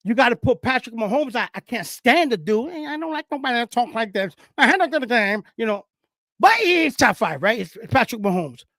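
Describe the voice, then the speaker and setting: A man hosting his own football talk show, speaking casually and excitedly, preaching to viewers and whooping as he hypes his segments. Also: extremely high pitch, brisk, no room sound, studio quality. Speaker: sports show host. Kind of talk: casual sports talk monologue.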